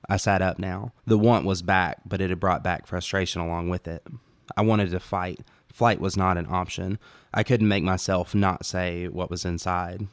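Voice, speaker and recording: Male author-narrator, low and resonant, calm first-person audiobook read, dry studio sound. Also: normal speed, no room sound. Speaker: author reading own story.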